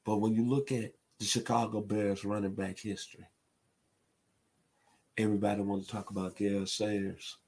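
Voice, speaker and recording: A man's voice: lowish voice, level tone, normal speed, gravelly, a little mellow, breathy edge. A man from Memphis, giving an emphatic sports commentary monologue. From Memphis, Tennessee. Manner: emphatic, builds to impassioned outbursts.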